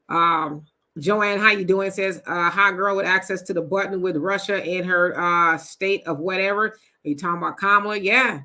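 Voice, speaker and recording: Bright-voiced woman hosting a casual livestream. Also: fairly low pitch. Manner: chatty, reads out comments and answers them, many fillers. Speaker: livestream host reading viewer comments.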